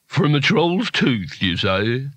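A resigned old dwarf jeweller mutters in a slow, world-weary murmur, as a man does the voice in a storybook reading. The sound is dry and close, bright in tone. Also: mid-range voice, big pitch swings, dry recording.

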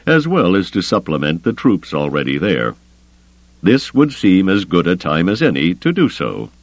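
A man voicing a calm, calculating grand admiral. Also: low-pitched, no room sound, exaggerated voice. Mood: soothing. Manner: smooth, soothing, measured.

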